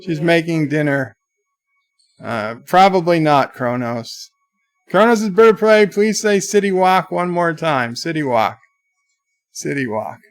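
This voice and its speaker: A man hosting a livestream, reading viewer chat comments aloud in a chatty, halting way. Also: on the high side, clean tone. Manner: chatty, halting, with many restarts. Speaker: livestream host.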